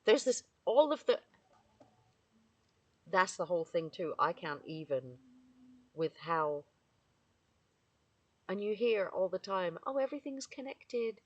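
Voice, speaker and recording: A woman's voice: fairly low pitch, expressive, slow, long pauses, highs cut off. A woman vlogging outdoors among trees in the morning, tearful and effusive, laughing often as she reflects. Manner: emotional, effusive, laughing often, bursts into singing. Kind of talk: casual spoken reflection.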